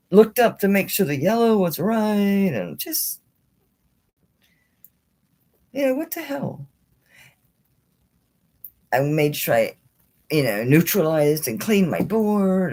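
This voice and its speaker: A woman running a live jewelry auction stream, chatting casually and showing pieces as she talks, sounding a little tired and swearing mildly now and then. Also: lowish voice. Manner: chatty and salty, with frequent mild swearing; animated, talking while handling and showing items. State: tired and yawning late in the stream.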